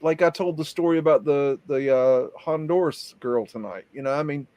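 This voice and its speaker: A man's voice: fairly high pitch, normal speed, warm tone, no echo. A man with a Southern US accent hosting a casual live chat, telling rambling stories with many restarts. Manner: rambling storyteller, frequent restarts. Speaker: show host.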